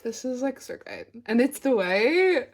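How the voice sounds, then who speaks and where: A young woman with a high, sing-song, slightly slow voice chats casually in a reading vlog at home beside her bookshelves. She gushes about her books, drifting into near whispers and laughter.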